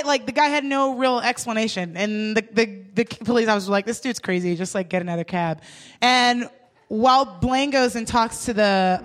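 Young woman, high voice, casual storyteller who jumps into character voices. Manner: animated, swearing, acts out voices in her stories.

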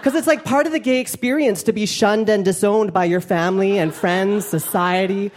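A man's voice: sits high, normal speed. Playful gay man doing stand-up. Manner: playful, self-mocking, laughing through lines. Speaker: stand-up comedian. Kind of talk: stand-up comedy set. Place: comedy club stage before a live audience. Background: audience laughter and room noise.

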